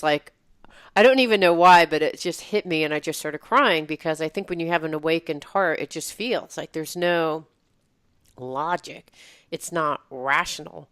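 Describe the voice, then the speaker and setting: A woman's voice: low voice, fairly bright tone, smooth, no echo. A woman host in casual chat, talking reflectively and meandering with many fillers.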